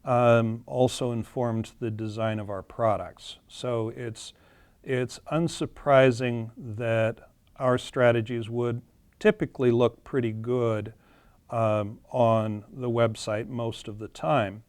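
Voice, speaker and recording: A man presents charts in a webinar, walking through them plainly with some fillers and self-corrections. His medium-pitched voice is steady, darkish, clear and resonant, and he takes it slowly. The recording has no echo.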